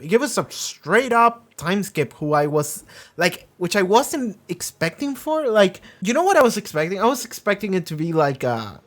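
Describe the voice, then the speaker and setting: A reaction channel host with a mid-range voice rambles through a casual episode discussion. The talk is heavy with filler and free swearing, with brief moments of acting out characters' lines.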